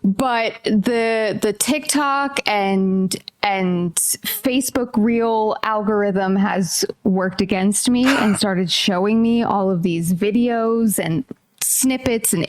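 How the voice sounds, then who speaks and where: A woman's voice: mid-range voice, dry recording. A woman in her thirties co-hosting a podcast, telling stories in a chatty way with lots of restarts. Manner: chatty, storytelling with many restarts. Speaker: podcast co-host. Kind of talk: casual chat.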